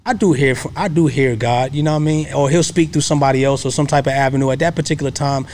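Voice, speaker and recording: Guest, male, 30s, mid-pitched. Earnest, casual storyteller with a faint noise under him. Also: fast, darkish tone. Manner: earnest, casual, often adds "you know what I mean". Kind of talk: personal storytelling in conversation.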